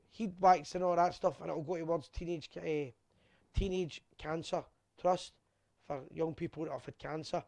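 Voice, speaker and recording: A man's voice: fairly high pitch, creaky, dry recording. A Scottish man hosting a fan live show, chatting casually and reading out viewers' messages while a bit drunk. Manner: chatty, rambling, shouts out viewers by name.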